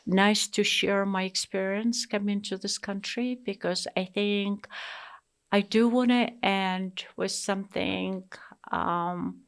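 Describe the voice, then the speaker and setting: In an interview, a middle-aged woman from Russia shares her personal stories in an earnest, emphatic manner, stumbling through fillers and restarting often. She has a Russian accent and a smooth, medium-pitched voice.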